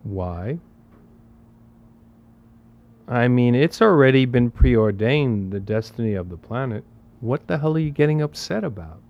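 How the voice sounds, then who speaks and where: A man of middle pitch gives a spiritual talk in a casual, emphatic manner. He drives his points home with repeated phrases and rhetorical questions. The recording sounds dull and lo-fi. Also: animated, normal speed, gravelly. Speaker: spiritual teacher.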